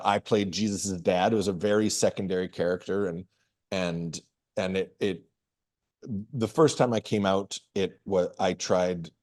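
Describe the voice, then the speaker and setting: Low-voiced man telling stories relaxed. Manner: relaxed storytelling with frequent restarts and laughs. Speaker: guest comedian and performer. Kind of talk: casual interview answers.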